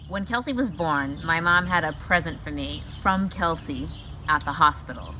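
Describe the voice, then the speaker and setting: A woman's voice: low-pitched, normal speed, pushed and bright, slight background noise. A woman telling an amused family story in a wedding video message. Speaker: bride's older sibling.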